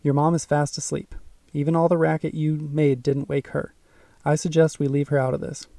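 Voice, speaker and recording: A man's voice: fairly high pitch, flat delivery, moderate pace, vocal fry, mellow, dry recording, far from the mic. A man reading the part of a cold, impatient adult man who mocks children, speaking in an icy tone. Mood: stern. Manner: icy, mocking.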